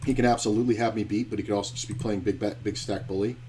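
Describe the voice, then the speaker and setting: A man's voice: fairly low pitch, steady tone, rapid-fire, dark tone, a little hiss or hum. A man streaming online poker, talking through his hands in a blunt, profane way as he thinks aloud. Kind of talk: live-stream poker commentary.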